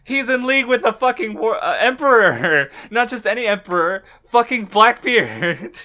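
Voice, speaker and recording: This man's high, bright voice sounds pushed, with lively intonation at a moderate pace. He's co-hosting a podcast in loose conversation, rambling with many fillers and restarts, often laughing and cursing without restraint.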